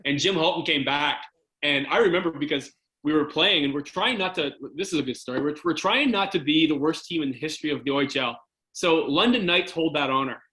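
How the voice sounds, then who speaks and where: A middle-aged man with a Canadian accent telling a hockey story in a casual interview, animated and acting out quotes. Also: brisk, echoey room, rough recording. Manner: animated, acts out quotes with jumps in pitch.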